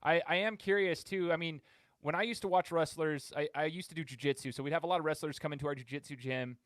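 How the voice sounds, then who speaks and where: A man's voice: on the high side, fast talker, no room sound. A man hosting an interview podcast, casual and chatty as he sets up his question. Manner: relaxed, conversational, chatty with fillers. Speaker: podcast host.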